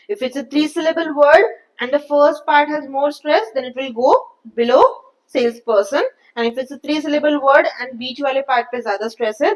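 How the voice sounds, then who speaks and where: Quick-talking Indian English teacher woman. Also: high-pitched, rough recording. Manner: mixes Hindi into English explanations. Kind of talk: online class teaching.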